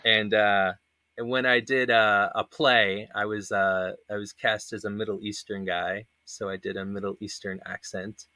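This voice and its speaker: A man in his thirties hosts a casual panel chat, rambling through anecdotes packed with fillers and laughing often. His voice is on the low side with little pitch movement, a moderate pace, and a sharp tone, recorded with no room sound.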